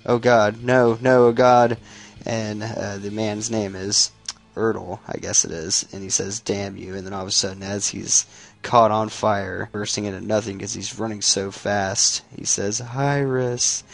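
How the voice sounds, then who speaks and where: A man's voice: fairly low pitch, flat delivery, moderate pace, vocal fry, a bit bright. A man casually retelling a comic book's plot, swearing freely and restarting his sentences. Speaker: comic book recap YouTuber. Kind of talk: casual spoken comic recap.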